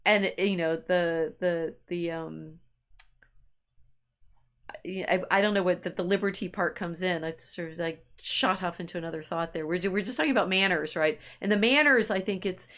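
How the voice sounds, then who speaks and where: A woman's voice: fairly low pitch, moderate pace, fairly bright tone. A woman co-hosting a casual discussion podcast, thinking aloud with many restarts and side remarks. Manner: rambling, frequent restarts and hedges, laughs easily. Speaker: podcast co-host.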